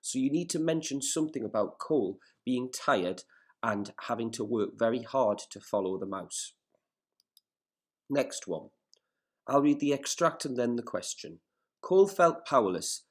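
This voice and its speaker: A male teacher reading a story aloud in a recorded lesson, stopping to explain words and setting questions in a patient, measured way. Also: medium pitch, lively intonation. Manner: careful, measured classroom delivery.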